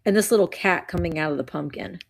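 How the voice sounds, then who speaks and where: A woman's voice: fairly low pitch, fast, creaky. A woman chatting casually while running a live vintage auction, bubbly and playful with sing-song noises.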